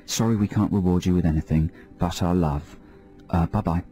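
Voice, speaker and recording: A male radio host with a low, mellow voice, running calm, deadpan mock-hypnotist patter in a studio. Faint music plays underneath. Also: moderate pace. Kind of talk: comedy radio banter. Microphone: studio microphone.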